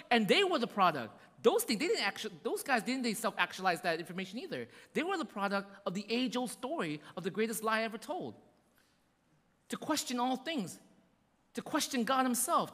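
A man's voice: very high voice, sharp tone. Emphatic man preaching in an echoey hall. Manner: emphatic preaching with repeated refrains; conversational asides to the congregation. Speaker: pastor. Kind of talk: sermon. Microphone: microphone.

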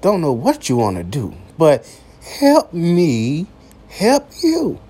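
Slow husky man with a lively voice. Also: a little high. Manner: slow, profane, repeats a catchphrase; coughs now and then. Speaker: podcast host. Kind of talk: late-night solo commentary. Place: downtown building at night.

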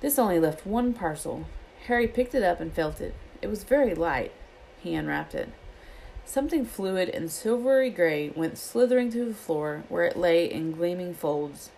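Low-pitched woman reading a story aloud with lively character voices. Faint background noise. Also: normal speed, vocal fry, poor audio. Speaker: reader.

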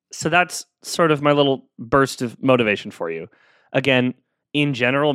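A man with a medium-pitched, slightly bright voice hosts a solo podcast, recorded close to the mic with no echo. His casual monologue rambles earnestly and self-deprecatingly, full of filler words.

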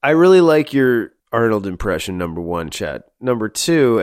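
A man co-hosting a movie review podcast, talking in an animated way, often laughing and saying "like" a lot. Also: fairly low pitch, normal speed, hardly any pauses, no echo, studio quality. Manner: animated, laughing, heavy use of "like". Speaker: podcast co-host. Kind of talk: casual movie review chat.

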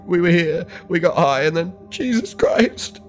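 A man's voice: high voice, animated, a little slow, faint music behind, pitched above the performer's own voice. A man voicing a traumatized young man, sobbing, panicked and swearing in a horror story. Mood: distraught. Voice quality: shaky, tearful, sobbing.

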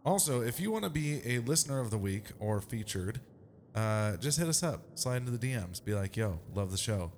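A man's voice: mid-range voice, expressive, a little fast, a little hiss or hum. A man co-hosting a paranormal podcast, casual and joking, with playful asides. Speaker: podcast co-host. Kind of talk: casual chat.

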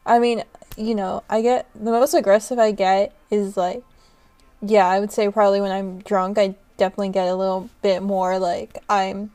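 A woman's voice: mid-range voice, level tone, normal speed, warm tone. A young woman hosting her own podcast in casual solo chat, talking loosely with lots of fillers, frequent laughs and casual swearing, into a podcast microphone. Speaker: podcast host.

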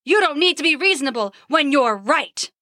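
A woman's voice: high-pitched, expressive, moderate pace, pushed and bright, dry recording, studio quality, voice pushed up. A woman putting on a roaring, boastful old god. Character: blustering old male god, boastful and quick-tempered.

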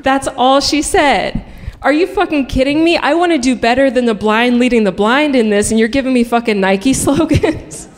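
A woman's voice: high-pitched, moderate pace. A woman telling a frank, comic personal story live on stage, swearing freely and narrating with dry humor. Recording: reverberant hall.

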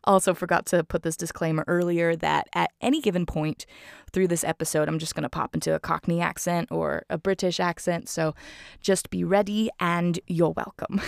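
A woman's voice: fairly low pitch, moderate pace, gravelly, dry recording, clean studio sound. A woman hosting a podcast, chatty and gushing, mixing casual chat with reading aloud. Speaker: podcast host.

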